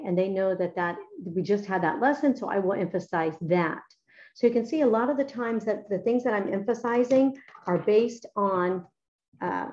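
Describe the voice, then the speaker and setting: On a muffled recording, a middle-aged woman with a medium-pitched voice explains her method for editing student papers. This writing teacher is talkative and enthusiastic, her speech full of fillers.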